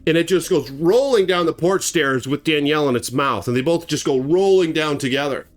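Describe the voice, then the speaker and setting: A man's voice: on the high side, fairly quick. A man telling a gruesome story in a casual spoken way, acting out sound effects and swearing freely. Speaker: storyteller host.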